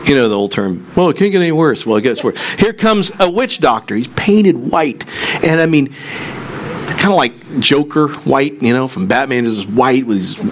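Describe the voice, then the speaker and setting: A man preaching a sermon, telling a story with animated, rising excitement before settling into prayer. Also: medium pitch, normal speed, slight background noise. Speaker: pastor.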